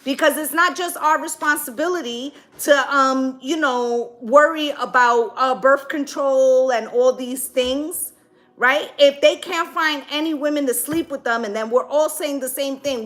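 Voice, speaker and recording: Blunt, high-voiced woman reading tarot. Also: measured pace, fairly bright tone. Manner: blunt and profane, tags lines with "right?" and "okay?". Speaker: tarot reader. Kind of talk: casual tarot reading with commentary.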